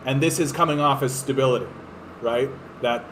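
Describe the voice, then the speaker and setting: A man's voice: mid-range voice, brisk, a bit bright, a little hiss or hum, low-quality recording. A man hosting a political podcast, ranting in a profane, fired-up way with lots of fillers. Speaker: podcast host. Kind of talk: political commentary rant.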